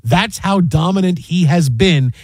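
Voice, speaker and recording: A man hosting a sports talk show, telling stories in casual, animated banter. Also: sits high, breathy edge, dry recording. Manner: animated storytelling, quick asides.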